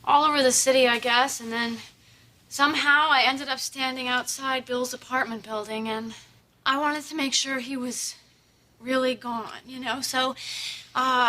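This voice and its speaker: A flaky young woman chattering through a story. Her voice sits high and bright. She rambles in a light, chatty way. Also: little pitch movement, normal speed. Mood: rambling. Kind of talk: sitcom acting.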